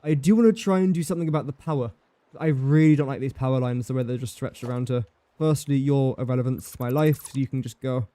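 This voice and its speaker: A man's voice: mid-range voice, fast, warm tone. A young man livestreaming a building game, chatting casually and joking at his own expense while he talks to the pieces he places. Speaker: livestreaming gamer.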